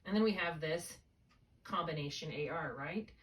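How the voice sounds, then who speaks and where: A woman with a low-pitched, slightly bright voice and moderate pace tutors reading. In a one-on-one spelling session on a video call, she explains each step patiently and asks check-in questions, heard through a distant laptop mic held while she writes.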